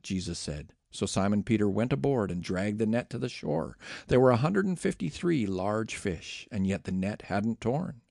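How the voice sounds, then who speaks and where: A man giving an expressive, dramatic reading of scripture aloud. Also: on the low side, normal speed, creaky, hardly any pauses, dry recording, studio quality. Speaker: scripture reader.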